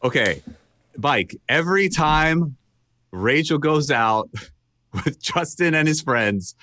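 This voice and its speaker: Bright-voiced laid-back man. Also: on the high side, expressive, takes it slowly, no echo. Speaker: chiropractor guest. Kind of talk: casual chat.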